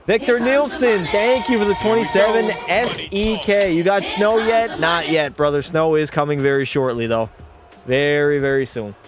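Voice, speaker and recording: A young man streaming a hockey video game live, commentating excitedly, swearing and chatting with viewers. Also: fairly high pitch, normal speed, over music.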